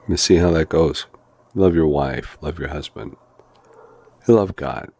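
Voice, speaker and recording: Slow, folksy, deep-voiced man teaching. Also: darkish tone, no echo. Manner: slow, deliberate, folksy storytelling with humor. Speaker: Bible study teacher. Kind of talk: devotional teaching with personal anecdotes.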